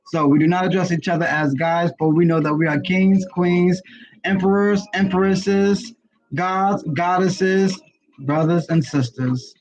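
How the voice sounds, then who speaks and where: A man's voice: high voice, fairly even intonation, measured pace. A man from Brooklyn, co-hosting a live spiritual reading stream in a casual, preachy and affirming way, speaking to viewers as family. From Brooklyn, New York. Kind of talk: casual livestream chat with spiritual teaching. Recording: dull lo-fi livestream audio.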